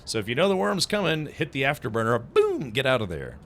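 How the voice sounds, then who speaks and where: Chatty streamer with a lively voice. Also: male voice, medium pitch, quick pace, a little hiss or hum. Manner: chatty, reacts and reads chat aloud. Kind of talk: casual let's play commentary.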